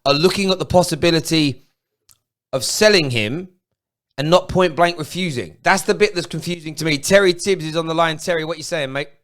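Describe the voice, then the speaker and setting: A man's voice: a little high, brisk. A man hosting a football fan phone-in, ranting and swearing at viewers. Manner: ranting, swearing, shouting at fans. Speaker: football talk show host.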